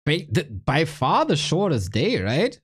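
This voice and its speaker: A man casting an esports live stream in a relaxed, chatty way, joking with viewers while sounding tired and a bit unwell. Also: on the high side, unhurried, slightly rough. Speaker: esports caster.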